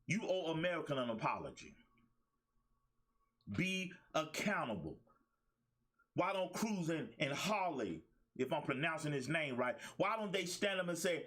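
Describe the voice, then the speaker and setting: A man's voice: a little high, lively intonation, normal speed, a bit bright. A middle-aged man hosting a talk show as a life coach, delivering a fired-up, preachy monologue with emphatic repetition and colloquial speech. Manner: preachy, emphatic, repeats phrases.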